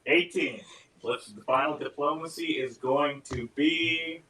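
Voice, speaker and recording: A man's voice: on the high side, measured pace, bright, forceful tone. A man playing in a tabletop game who stammers and restarts his sentences. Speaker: player. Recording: distant mic with faint noise.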